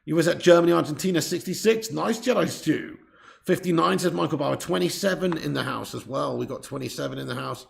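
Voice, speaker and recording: Gravelly, swearing football streamer. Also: male voice, fairly high pitch, animated, fast talker. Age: 30s. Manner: chatty, swears freely, reads out viewer comments. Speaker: watch-along host. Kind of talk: live football watch-along commentary.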